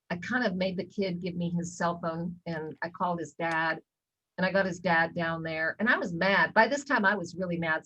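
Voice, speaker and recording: A woman's voice: on the low side, fairly bright tone, low-quality recording. A middle-aged woman presenting a wellness talk, telling a personal story with many ums and acted-out quotes. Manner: storytelling with lots of ums, acts out quoted lines. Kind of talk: casual talk in a wellness webinar.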